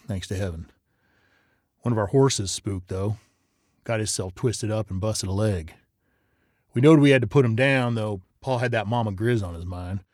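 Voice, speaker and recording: A man's voice: lowish voice, a little mellow, no echo, studio quality, lightly acted. A man voicing a terrified young frontier boy with a rural Old West drawl, frantic and breathless.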